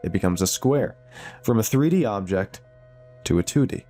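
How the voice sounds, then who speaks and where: A man voicing an excited, proud engineer explaining his plan. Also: on the low side, moderate pace, faint music behind, lightly acted. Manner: excited, eager.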